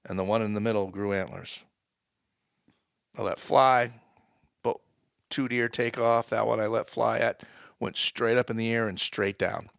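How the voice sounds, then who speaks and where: Gravelly man telling a hunting story. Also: fairly low pitch, unhurried, long pauses, no room sound, studio quality. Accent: New England. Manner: animated hunting story, builds excitement. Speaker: guest, wildlife department staff. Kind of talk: storytelling in a podcast interview.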